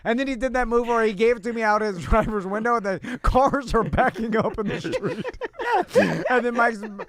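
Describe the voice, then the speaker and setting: A man's voice: very high-pitched, normal speed, a crowd in the background. A man co-hosting a podcast in casual chat, laughing often and rambling with lots of "yeah, yeah". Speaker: podcast co-host.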